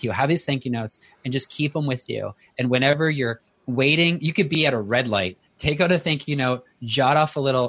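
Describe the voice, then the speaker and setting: A man's voice: medium pitch, quick pace, hardly any pauses, fairly bright tone. A man in his thirties, a guest author in an interview, telling personal stories in an earnest, conversational way.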